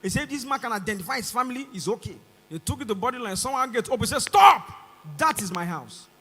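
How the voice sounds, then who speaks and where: A young man with a Nigerian English accent performing a stand-up comedy routine on a concert stage, animated and acting out voices. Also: extremely high pitch, fast talker, slightly rough. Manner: animated, acts out voices and shouts. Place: large concert hall stage. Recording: live concert hall reverb.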